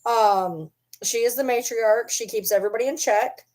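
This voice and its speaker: A woman's voice: on the high side, normal speed, darkish tone. A woman vlogger chatting casually to the camera and teasing her pet dog in doting baby talk.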